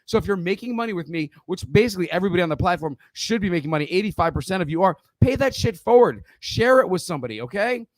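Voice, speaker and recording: A middle-aged man with a high voice gives a casual trading lesson. He talks bluntly and swears freely, and he keeps asking "okay?" as he hammers home each point. The sound is dry and close, with no room around it. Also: lively intonation, quick pace, few pauses, no room sound. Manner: blunt, profane, emphatic, keeps checking in with "okay?". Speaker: trading educator.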